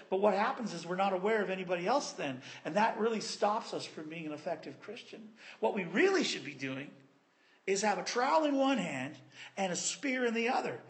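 A man preaching a sermon in an animated, conversational and playful way. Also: sits high.

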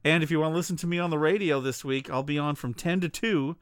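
A man's voice: a little high, quick pace, clear, resonant tone, no room sound, clean studio sound. A man co-hosting a podcast in casual chat, joking and teasing. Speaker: podcast co-host and radio DJ.

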